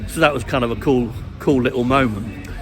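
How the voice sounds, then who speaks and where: A middle-aged man who vlogs about dating walks down a street, telling a meandering, reflective dating story full of fillers and restarts. His voice is medium-pitched, brisk and fairly bright.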